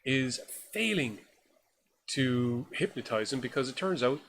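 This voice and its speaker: A man's voice: medium pitch, animated, a little slow, fairly bright tone, a little hiss or hum. Enthusiastic rambling male podcast host. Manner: enthusiastic, rambling, swears casually. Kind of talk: casual film review chat.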